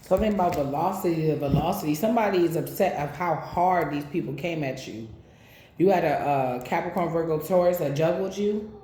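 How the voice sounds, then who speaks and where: A woman's voice: sits low, fairly quick, mellow, slight background noise. A woman giving a casual tarot reading, speaking bluntly with plenty of swearing, straight to her viewers. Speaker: tarot reader. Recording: echoey room.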